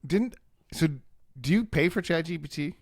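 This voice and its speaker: A man's voice: on the high side, expressive, normal speed, no room sound. Podcast co-host guy, wry and rambly, keeps restarting sentences, dry sound. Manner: wry, rambling, self-correcting. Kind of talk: casual chat.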